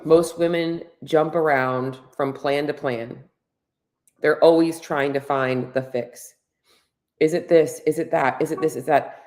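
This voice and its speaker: Blunt, lower-voiced woman coach. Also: steady tone, measured pace, darkish tone. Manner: blunt and candid, swears freely; earnest, coaching tone addressing women directly. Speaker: fitness and health coach. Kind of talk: solo podcast monologue.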